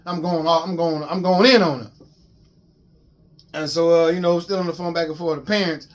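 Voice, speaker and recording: A man casually telling a long personal story to his viewers in an animated, profane way, with lots of repeats and restarts. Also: a little high, fairly quick. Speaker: vlogger.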